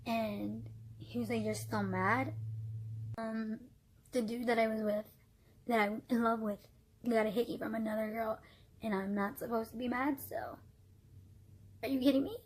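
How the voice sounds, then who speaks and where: Breathy young woman telling a storytime. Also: fairly high pitch, normal speed. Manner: animated, slips into whispers and laughter while telling it. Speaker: vlogger. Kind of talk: storytime vlog, casual retelling.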